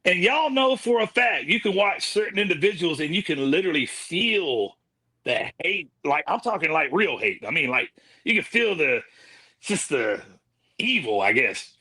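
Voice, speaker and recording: A man appearing as a guest on a livestream, talking in an animated, emphatic and folksy way. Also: a little high, moderate pace, breathy edge, no room sound. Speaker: guest reviewer. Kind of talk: casual livestream chat.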